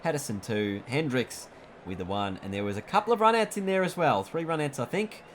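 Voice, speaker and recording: A man's voice: mid-range voice, animated, fairly quick, a little hiss or hum. A man giving chatty, jokey play-by-play commentary over a cricket video game, stumbling over names now and then.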